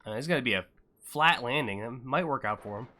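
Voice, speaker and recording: A man's voice: medium pitch, lively intonation, a little fast, pushed and bright. A young adult man hosting a live stream, commentating an event in a casual style and bantering jokingly with chat. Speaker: livestream host and event commentator.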